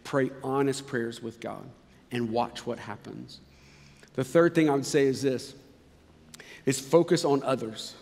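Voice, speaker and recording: A male pastor giving a sermon in a conversational, emphatic way, dropping suddenly quiet at times. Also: mid-range voice, measured pace, long reverb tail. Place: church sanctuary.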